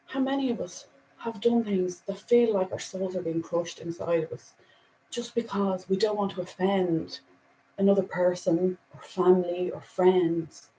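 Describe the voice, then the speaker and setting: A woman hosting a casual spiritual talk and reading angel cards, earnest and reflective, with soft laughs and a little emotion. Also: fairly low pitch, a little slow, slight background noise, poor audio.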